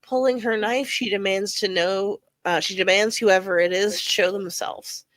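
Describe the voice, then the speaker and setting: A woman's voice: mid-range voice, fairly even intonation, measured pace, dry recording. A woman podcast host reading a scripted episode recap with dry, sarcastic asides.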